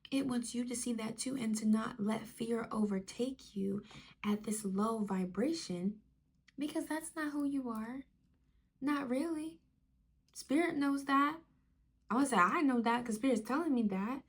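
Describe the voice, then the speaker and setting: A woman reading oracle cards as a channeled spiritual message, talking softly and repeating key words, with occasional bursts of excitement. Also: fairly high pitch, measured pace, breathy edge. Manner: soft, affirming, repeats phrases, bursts of excitement. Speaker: spiritual card reader.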